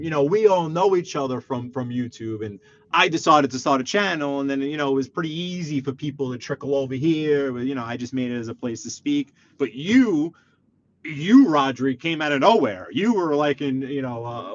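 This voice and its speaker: A man's voice: on the high side, muffled recording. Brooklyn man chatting live from his car. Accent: New York. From Brooklyn, New York. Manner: animated, rambling, talks straight to viewers. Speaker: livestream host. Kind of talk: casual live-stream chat while driving. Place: parked car on a city street.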